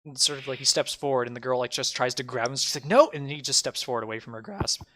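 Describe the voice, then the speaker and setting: Rambling game-master man, bright voice. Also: mid-range voice, fairly even intonation, quick pace. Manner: loose, rambling, filler-heavy. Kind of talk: narrating a tabletop game.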